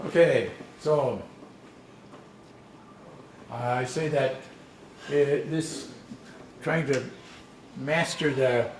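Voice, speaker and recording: A man presenting a language workshop, explaining in a conversational storytelling way with frequent restarts. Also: mid-range voice. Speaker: language instructor. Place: conference session room. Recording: echoey room, distant mic, faint noise.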